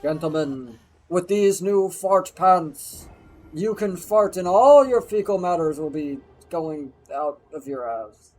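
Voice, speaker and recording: A man putting on a loud, grandiose male infomercial announcer voice with drawn-out salesman delivery. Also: high-pitched, lively intonation, pitched above the performer's own voice, exaggerated voice.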